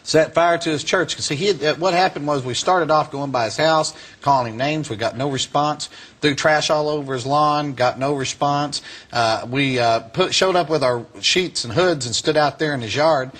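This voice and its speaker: Bright-voiced man telling a funny story. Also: fairly high pitch, moderate pace. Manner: animated, chuckling storyteller. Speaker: speaker. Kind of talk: humorous storytelling speech.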